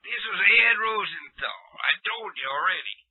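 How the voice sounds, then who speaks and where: A high-voiced man makes a crude prank phone call, needling his target in a mock-innocent tone. His voice comes through a thin, tinny telephone line. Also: expressive, moderate pace, slightly rough. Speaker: prank caller, radio host.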